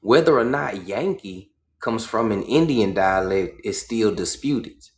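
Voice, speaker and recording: A lowish, animated voice carries through an echoey room as this livestream host reads a book slowly. He stops often to explain it in his own words, punctuating with "right?".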